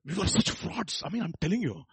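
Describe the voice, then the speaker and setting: A man's voice: high-pitched, lively intonation, a little fast, breathy edge, no echo. A middle-aged man with an Indian Telugu accent preaching a sermon as pastor, telling stories with quoted voices and building to emphatic peaks. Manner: storytelling with acted quotes and chuckles, rising to emphatic peaks.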